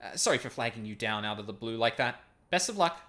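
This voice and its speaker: A man's voice: medium pitch, animated, fast talker, bright, forceful tone, a little hiss or hum. A man voicing a giddy young female university student who gushes with breathless enthusiasm. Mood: chirpy. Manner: gushing, breathless enthusiasm in a raised voice.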